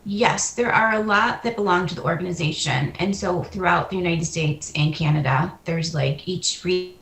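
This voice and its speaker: Soft-spoken lady on a video call, lowish voice, echoey room sound. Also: moderate pace. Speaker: guest, dance school co-founder. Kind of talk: casual interview talk over a video call.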